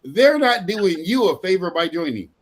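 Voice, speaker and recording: A man's voice: high voice, very animated, moderate pace. A middle-aged man giving a motivational sales training talk, emphatic and repetitive, often breaking into laughter.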